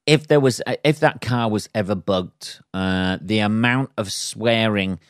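Male comic host, rambling and foul-mouthed, clear voice on a dry close mic. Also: lowish voice, unhurried, no echo. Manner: sweary, rambling, laughs at own jokes. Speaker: podcast host and stand-up comedian. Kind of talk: casual solo podcast rant.

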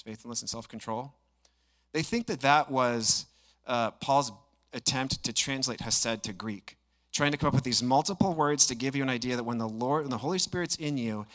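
A young man preaching a sermon as a pastor, conversational but rising suddenly in pitch and volume for emphasis. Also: a bit bright.

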